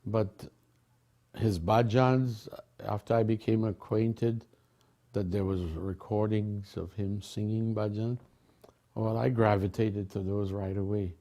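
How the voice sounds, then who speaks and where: Slow gravelly older man reminiscing. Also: on the low side, steady tone. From Caribbean island. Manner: warm storytelling with frequent laughs and restarts. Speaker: devotee sharing memories. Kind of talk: casual reminiscence.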